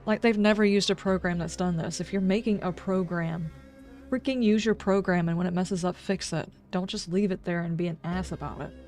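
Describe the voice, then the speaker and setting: A woman's voice: fairly low pitch, fairly even intonation, a little fast, a little mellow, faint music behind. A woman game streamer chatting casually on a livestream, ranting in exasperation with sarcastic asides.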